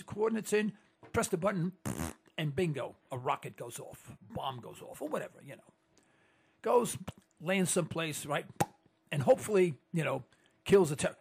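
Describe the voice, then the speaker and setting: This man hosts a political talk radio show. His voice sits high and rough, with a husky grain. He rambles emphatically, swooping up and down as he repeats himself for effect.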